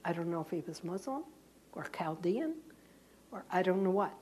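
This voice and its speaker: A woman who is a Catholic nun, giving a talk to fellow sisters and telling a story in a lively, self-mocking way. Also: on the low side, moderate pace, slightly rough. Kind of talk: storytelling sermon.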